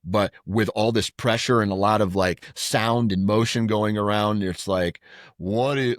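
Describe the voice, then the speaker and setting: A man's voice: fairly low pitch, a little slow, no room sound, clean studio sound. A middle-aged man co-hosting a podcast, telling stories in casual chat with many restarts. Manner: rambling storyteller with restarts. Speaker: podcast co-host.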